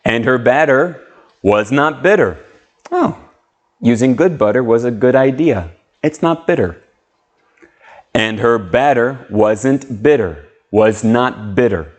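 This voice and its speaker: A man teaching an English lesson on video, speaking slowly and carefully as he models sounds and words. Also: medium pitch, lively intonation. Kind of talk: slow, clear classroom video lesson.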